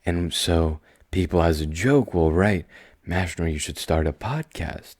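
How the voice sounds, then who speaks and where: A young man hosting his own podcast in a casual solo monologue, talking slowly and calmly in a soothing, self-assured way, with quiet asides and sudden emphatic bursts. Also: low-pitched, dry recording, studio quality. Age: young adult. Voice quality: slow, calm and soothing delivery. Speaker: podcast host.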